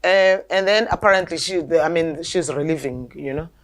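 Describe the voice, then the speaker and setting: A woman's voice: low voice, moderate pace. A woman, an alternative health practitioner telling a story in a talk show. She speaks emphatically and insistently, often repeating words as she goes. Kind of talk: conversational storytelling.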